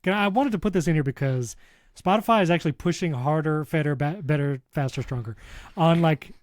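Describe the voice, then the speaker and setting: A man co-hosting a casual tech podcast, excitable and ranting, laughing often. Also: on the high side, no echo. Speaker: podcast co-host.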